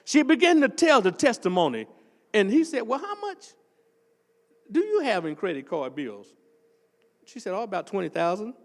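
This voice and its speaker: An older man, preaching a testimony sermon as associate pastor and telling a story that builds up into shouting. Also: sits high, normal speed, long pauses, big-room sound. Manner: animated storytelling, swells into shouting.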